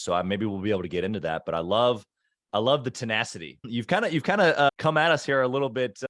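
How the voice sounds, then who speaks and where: A man hosting a business podcast, upbeat and enthusiastic, talking in quick bursts during a casual interview. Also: fairly low pitch, dry recording, clean studio sound. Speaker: podcast host.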